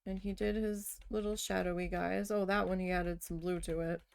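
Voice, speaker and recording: Woman, crafting vlogger, casual chat, blunt and profane, gravelly fry, dry close sound. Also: fairly low pitch, flat delivery, normal speed, dry recording. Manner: blunt, heavily profane storytelling. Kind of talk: casual storytelling chat while needle felting.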